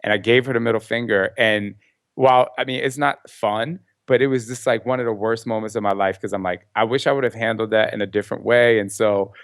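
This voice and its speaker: A man guesting on a podcast, telling stories in a lively way and laughing often. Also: fairly low pitch, a little fast, no echo, studio quality. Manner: animated storyteller, laughs often. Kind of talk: casual interview chat.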